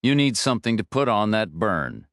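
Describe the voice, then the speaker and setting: A man voicing a playful young woman who gently mocks and teases. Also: lowish voice, very animated, normal speed, no room sound, clean studio sound. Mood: teasing. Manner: teasing, lightly mocking.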